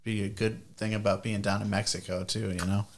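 A man with a fairly low voice banters on a podcast. He sounds laid-back and throws out crude jokes. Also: level tone, brisk. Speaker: podcast co-host. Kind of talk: casual chat.

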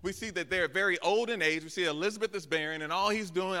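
Preaching fast with hardly any pauses, a guest pastor uses a high, bright, forceful voice. He acts out short asides and calls out to the congregation, and the large church sanctuary gives the recording a long hall reverb.

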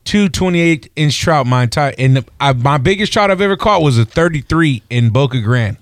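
Animated male radio host telling stories. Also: on the high side, moderate pace, no echo, clean studio sound. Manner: animated storyteller, laughs often. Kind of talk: casual fishing radio chat. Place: radio studio.

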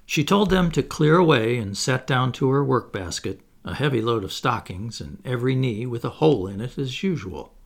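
A man narrating a classic children's novel as an audiobook, in an expressive storytelling manner. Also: mid-range voice, moderate pace, gravelly, hardly any pauses.

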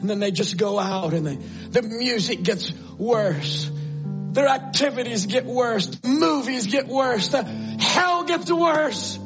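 A male evangelist preaching an impassioned sermon, swinging between loud cries and hushed prayer. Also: extremely high pitch, lively intonation, slow. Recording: dull lo-fi church tape with faint music.

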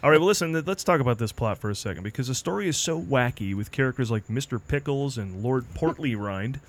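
Man, podcast host, casual chat, lively pitch, stumbling restarts. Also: fast. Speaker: podcast host running a word game.

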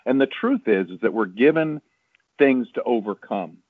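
A man's voice: medium pitch, animated, moderate pace, no room sound. Earnest man on a tinny phone line. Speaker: guest. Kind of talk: reflective conversation.

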